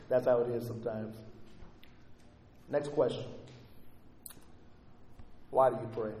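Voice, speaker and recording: A man's voice: medium pitch, a little mellow, a little hiss or hum. Preacher man in an echoey hall. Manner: reads scripture aloud, rising fervently on quoted prayers. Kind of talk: sermon. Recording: echoey hall with faint ambience.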